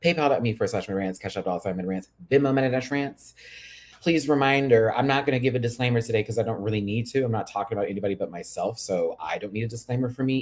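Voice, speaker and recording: A man hosting a casual livestream chat as a drag performer, sassy and chatty, with sudden high-pitched exclamations. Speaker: YouTube host and drag performer.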